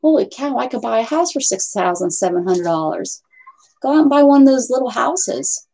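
Chatty woman with a husky voice. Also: fairly high pitch, animated, moderate pace, warm tone. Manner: chatty, rambling, talks to pets and viewers. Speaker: craft livestream host. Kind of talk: casual live chat with viewers. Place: at home.

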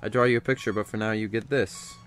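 A man's voice: on the low side, fairly even intonation, fast. A young man co-hosting a gaming video, chatting casually and jokingly while his partner plays. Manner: joking, playful, breaks into silly voices. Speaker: co-host of a gaming channel. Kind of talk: casual chat over gameplay.

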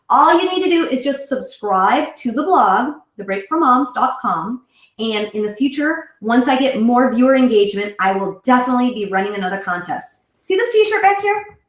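Chatty mom host in an echoey room. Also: female voice, fairly high pitch. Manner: chatty, rambling, self-correcting. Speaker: host of a live web show for moms. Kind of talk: casual solo chat to camera.

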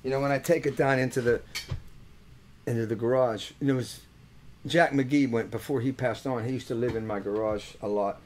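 Between songs on his webcast, an older man who is a musician spins rambling, earthy stories full of jokes in a casual manner. He talks a little fast in a steady, mid-range voice, and there's a little hiss or hum.

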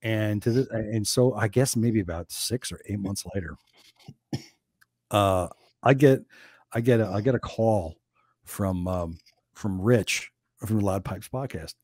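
A man's voice: fairly low pitch, measured pace, husky, no echo. A man from New Jersey, a guest on a podcast, telling stories in a casual chat and acting out the quotes. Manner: animated storyteller, acts out quotes.

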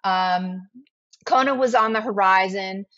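A woman in her 40s, a brand founder appearing as a guest, tells stories chattily in a casual interview, animatedly acting out quoted dialogue. Her voice is medium in pitch and a little slow, and the audio is slightly dull and lo-fi.

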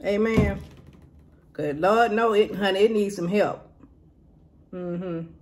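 A woman's voice: mid-range voice, takes it slowly, background noise. Chatty woman reviewing food while eating. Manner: chatty, talks to viewers as y'all between bites; mutters and hums while eating. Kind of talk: casual eating and review vlog.

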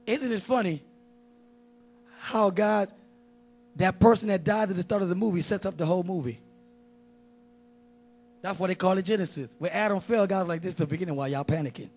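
A man with a noticeably high voice preaches with animated energy. He talks to his congregation casually, jokes with them and drives his points home with street-style emphasis. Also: moderate pace, pauses often. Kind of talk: lively sermon.

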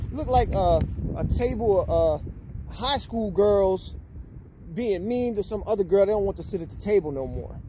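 A man's voice: high voice, lively intonation, normal speed, warm tone. A man reading scripture aloud and calling people out in a casual, confrontational rant. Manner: accusatory, calls people out, tags lines with "man" and "bro". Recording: noisy background with passing vehicles.

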